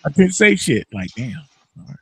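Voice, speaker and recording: A man spins a story on a morning talk show, his voice sitting a bit high. He talks loose and profane, breaking into loud laughs. The sound is close and dry, with no room echo. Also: big pitch swings, moderate pace, vocal fry, breathy edge. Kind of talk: casual chat.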